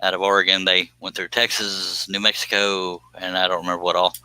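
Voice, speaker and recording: Sharp-voiced joking man hosting a live stream. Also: low voice, level tone, a little fast, clear, resonant tone, no echo. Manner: joking, teasing, laughs often. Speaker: woodworking live stream host. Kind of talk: casual live stream chat, reading viewer comments.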